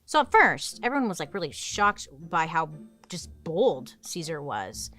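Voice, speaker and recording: A woman's voice: sits low, very animated, measured pace, pushed and bright. A young woman hosting comedic history storytelling, chatty and sarcastic, with dramatic swings. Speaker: host.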